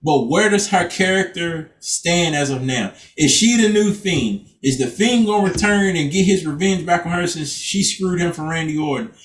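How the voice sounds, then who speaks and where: Man, high voice, loose profane chat, roomy echo, distant from the mic. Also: normal speed, hardly any pauses. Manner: loose, profane, acts out quotes. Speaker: podcast co-host. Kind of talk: casual chat. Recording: echoey room, off-mic.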